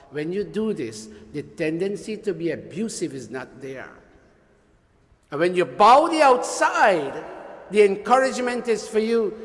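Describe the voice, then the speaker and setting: A man leading a temple workshop, lecturing in an animated, teasing way and having the audience repeat lines after him. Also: high voice, long reverb tail. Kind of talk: interactive sermon-style lecture. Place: temple hall.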